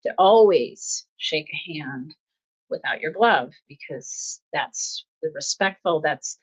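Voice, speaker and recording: A woman's voice: low voice, animated, slow pace, slightly rough. A middle-aged woman hosting a casual self-help talk, speaking earnestly and often repeating her phrases. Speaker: host. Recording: slightly dull lo-fi audio.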